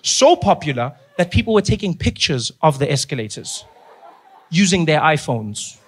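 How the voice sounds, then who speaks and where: A man's voice: normal speed, a little hiss or hum. A man doing stand-up comedy, telling stories animatedly and acting out the people in them. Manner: animated, acts out characters with big pitch swings. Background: audience laughter.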